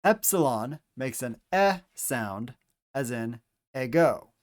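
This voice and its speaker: A man leads a Greek pronunciation lesson at a very unhurried pace, saying each letter and example word twice so listeners can repeat after him. His voice sits at an ordinary middle pitch, and his delivery is careful and measured. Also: lively intonation. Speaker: Greek teacher. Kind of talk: slow instructional pronunciation lesson.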